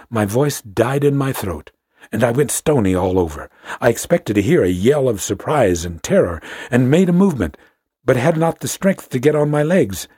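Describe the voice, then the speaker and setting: A man narrating a story in the first person, measured and tense. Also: mid-range voice, darkish tone, slightly rough, no room sound, studio quality. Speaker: audiobook narrator.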